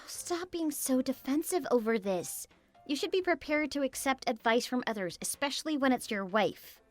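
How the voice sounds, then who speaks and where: A computer-generated woman's voice, worried and pleading. It sits fairly high with animated pitch, over faint background music. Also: normal speed. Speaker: wife and story narrator. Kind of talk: text-to-speech story voice.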